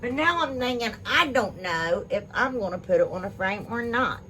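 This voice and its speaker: A woman's voice: fairly high pitch, lively intonation, normal speed, fairly bright tone, slight background noise. A woman hosting a home DIY channel, chatting casually and gushing to her viewers about gifts, with lots of fillers and an Ohio accent. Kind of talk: casual unboxing chat to viewers.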